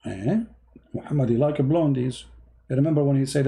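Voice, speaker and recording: A man's voice: mid-range voice, fairly quick, creaky, mellow. A man giving mocking, emphatic religious commentary in non-native English, full of sarcasm. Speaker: religious debater.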